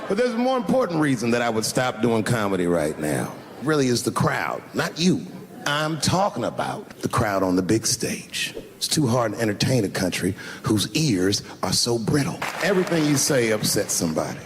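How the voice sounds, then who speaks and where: A man doing stand-up storytelling, animated and swinging between low mutters and high exclaims. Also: normal speed, some chatter behind. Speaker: stand-up comedian. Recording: echoey hall with faint noise.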